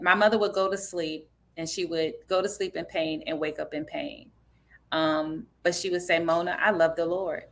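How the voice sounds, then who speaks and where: Woman author-director, interview guest, earnest and reflective, lower pitch, bright tone. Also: normal speed. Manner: earnest, reflective, faith-centered, frequent fillers. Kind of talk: conversational interview answers.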